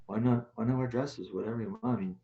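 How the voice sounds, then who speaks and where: A man's voice: mid-range voice, fast talker. A man co-hosting a casual discussion, talking bluntly and swearing freely as he rants. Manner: blunt, profane, animated ranting. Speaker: co-host, Taoist teacher. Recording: echoey room, dull lo-fi sound.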